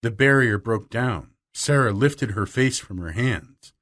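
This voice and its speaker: A man narrating a storybook audiobook in an expressive, animated reading style. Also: mid-range voice, a little slow.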